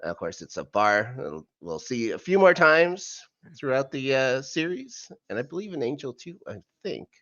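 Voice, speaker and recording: Chatty man recapping with lively pitch. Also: moderate pace, no room sound, dull audio. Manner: chatty, rambling recap full of fillers and asides. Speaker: podcast co-host. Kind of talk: casual rewatch recap chat.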